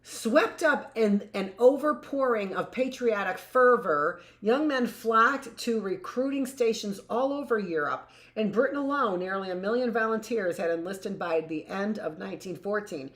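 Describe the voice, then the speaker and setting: A woman's voice: mid-range voice, normal speed, hardly any pauses, fairly bright tone. A woman teacher reading a history book aloud in a live class and breaking off for chatty asides that end in "right?". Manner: reads passages aloud, then adds conversational asides with "right?".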